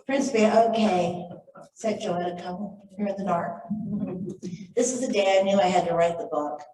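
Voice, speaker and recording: A middle-aged woman telling a lively anecdote to a live audience at a library talk, acting out the voices of the people in it. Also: medium pitch, normal speed, distant mic, a little hiss or hum. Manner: lively anecdotal storytelling, acts out quoted voices. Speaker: author and speaker. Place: library event room. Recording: echoey room, voice picked up from afar.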